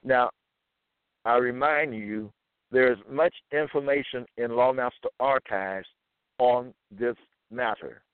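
A man giving a deliberate scripture lecture and quoting verses with stress. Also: medium pitch, clear, resonant tone, no room sound. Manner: slow, deliberate, quotes verses with emphasis. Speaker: religious teacher. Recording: tinny phone-like sound.

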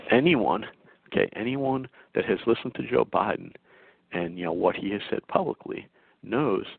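A man's voice: lowish voice, creaky, husky, no room sound. A male host giving an insistent political commentary monologue, full of stammering restarts. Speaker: talk show host. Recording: dry tinny phone-like sound.

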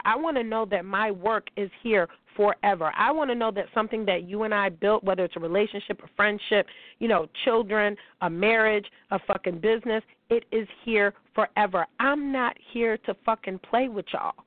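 A woman's voice: mid-range voice, normal speed, no room sound. A woman hosting a podcast, delivering a blunt, heated, profane monologue. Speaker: podcast host. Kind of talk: emotional monologue. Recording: tinny phone-like sound.

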